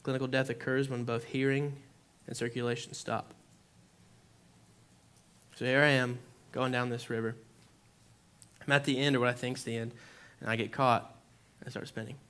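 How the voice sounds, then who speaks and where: A man's voice: mid-range voice, level tone, normal speed, fairly bright tone, clean tone. Young man preaching in a casual way. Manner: conversational, lots of "like", acts out his own reactions. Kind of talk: informal sermon with personal story. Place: church.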